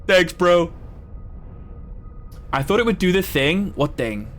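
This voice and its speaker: Casual English streamer, swears freely. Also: male voice, sits high, animated, slow pace, a bit bright, soft background music. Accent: English with American influences. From Southwest England. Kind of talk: live gameplay commentary.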